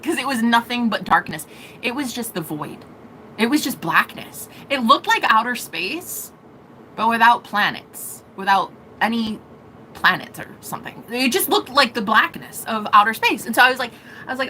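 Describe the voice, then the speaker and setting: A young woman telling a personal story to camera in a casual, animated way, swearing and laughing often. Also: medium pitch, normal speed, slight background noise, rough recording. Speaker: vlogger.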